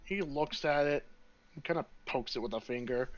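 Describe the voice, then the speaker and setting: A man's voice: medium pitch, moderate pace, no echo, highs cut off. A man narrating a tabletop game as game master in a casual, rambling way.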